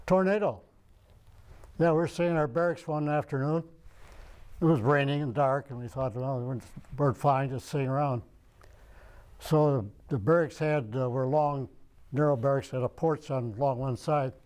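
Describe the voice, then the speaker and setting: A man's voice: mid-range voice, normal speed, darkish tone, clean tone. An older man from Michigan, an interviewee in an oral history interview, rambling and searching his memory aloud. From Michigan, United States. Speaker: veteran interviewee.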